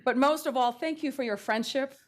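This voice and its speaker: A woman mayor in her middle years speaks into a dais microphone in a council chamber. Her voice sits a little high, and her farewell tribute is heartfelt and emotional, close to tears. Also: fairly quick.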